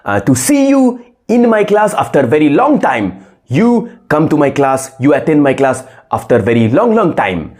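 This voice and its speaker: Slow-talking male English teacher. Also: a little high, a little mellow. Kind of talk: scripted classroom role-play.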